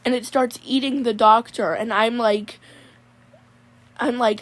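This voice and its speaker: A woman's voice: fairly high pitch, fairly even intonation, measured pace, pauses often. A woman telling a rambling comic dream story, peppering it with 'Mon'. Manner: rambling, says 'Mon' constantly. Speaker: comedy character storyteller.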